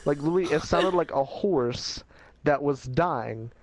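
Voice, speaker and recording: A man's voice: a little high, unhurried. A man telling a casual life story in a rambling, slangy way, laughing at himself as he goes.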